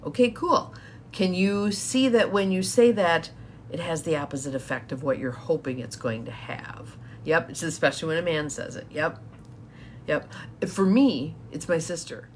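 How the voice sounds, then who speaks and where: A woman's voice: sits low, lively intonation, moderate pace, slight background noise. A woman coach giving a chatty live-streamed talk to viewers, laughing often as she explains. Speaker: empowerment coach.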